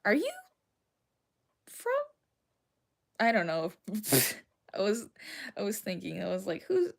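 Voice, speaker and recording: Southern girl streamer, rambly and giggly, lots of creaky fry. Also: mid-range voice, lively intonation, slow. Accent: Southern American. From Southern United States. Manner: rambling, giggly, self-deprecating. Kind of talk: casual livestream chat, answering chat.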